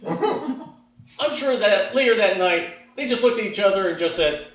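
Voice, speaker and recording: A man doing stand-up, telling a story about himself and acting out the voices in his head with big jumps in his pitch. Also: lively intonation, measured pace, a bit bright. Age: adult, looking back on his teens. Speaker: stand-up comedian. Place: stage in a hall with an audience. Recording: echoey hall, mic from far off.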